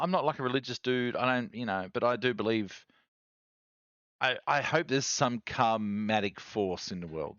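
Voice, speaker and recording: A man's voice: low voice, no room sound, highs cut off. An Australian man hosting a casual live stream, chatting with viewers and reading chat aloud. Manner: chatty, reads chat aloud, animated rants. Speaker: streamer host.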